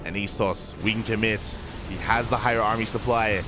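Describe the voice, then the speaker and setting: A young man doing live play-by-play commentary on a strategy video game, sleepy and slightly slurred, excitable during fights. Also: on the low side, fast talker, few pauses, noisy background. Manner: excitable, drowsy between fights. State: just woke up, slurring. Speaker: esports caster.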